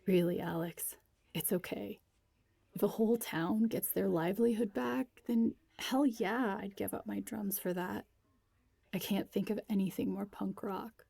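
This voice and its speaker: A woman reading a story aloud, voicing a young female drummer who speaks quietly and shakily. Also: medium pitch, a little slow, gravelly, slightly rough, no room sound. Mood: reassuring. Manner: quiet and shaky.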